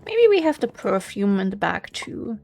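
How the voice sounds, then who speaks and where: A woman's voice: mid-range voice, sing-song, moderate pace, gravelly, darkish tone, soft background music. A woman with a slight German accent, thinking aloud as she hosts a casual gameplay commentary, musing and hesitant. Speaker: let's play host.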